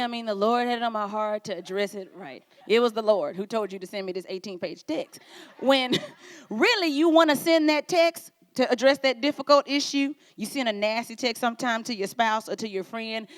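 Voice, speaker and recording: A woman pastor preaching at a conference, playful and animated, acting out little quoted exchanges. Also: on the high side, moderate pace. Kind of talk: sermon. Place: conference stage.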